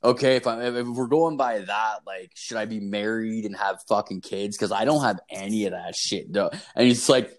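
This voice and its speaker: A man in his thirties with a lowish voice, chatting on his podcast in a loose, rambling way. He swears in nearly every sentence and tells stories about his own life. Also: moderate pace, few pauses. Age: 30s. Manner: profane, rambling storyteller, swears constantly. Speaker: podcast host. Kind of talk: casual podcast chat.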